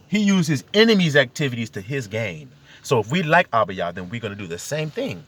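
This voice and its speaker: A man with a mid-range, husky, somewhat bright voice preaches at a moderate pace, his pitch swooping wildly. He's a self-styled preacher giving a fired-up spiritual monologue inside a car, exhorting listeners and firing rhetorical questions at them.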